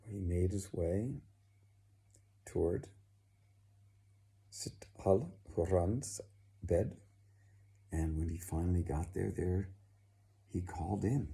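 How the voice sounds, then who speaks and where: A man narrating a folk tale in a slow, dramatic, expressive storytelling manner. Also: low voice, vocal fry.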